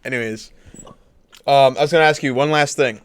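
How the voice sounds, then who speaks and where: A man co-hosting a podcast in casual chat, agreeable and quick to back up the other speaker. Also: medium pitch, clean tone, no echo. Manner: agreeable, quick to laugh along. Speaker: podcast co-host.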